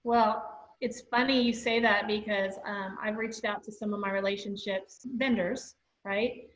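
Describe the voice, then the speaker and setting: A woman's voice: mid-range voice, fairly even intonation, a little slow. A woman co-hosting an interview, chatting in a rambling, friendly way. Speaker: podcast co-host. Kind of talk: casual interview chat. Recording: echoey room, muffled call audio.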